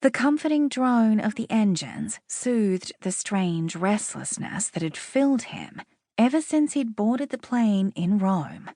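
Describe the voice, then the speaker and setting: A woman narrating a romance audiobook in a measured, expressive reading on a close studio mic. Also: medium pitch, no echo. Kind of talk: scripted narration.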